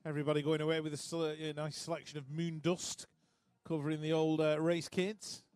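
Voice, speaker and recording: A man's voice: fairly high pitch, flat delivery, fairly quick, a little mellow, smooth, no room sound. A man giving live race commentary, chatty and joking between calls.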